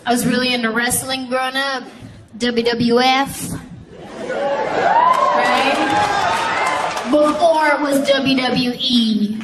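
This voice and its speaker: Animated woman comedian, laughing crowd. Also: high voice, takes it slowly, pauses often. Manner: animated storytelling, acting out childhood voices. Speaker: stand-up comedian. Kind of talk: stand-up comedy routine. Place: comedy stage before a live audience. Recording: live show with crowd and noise.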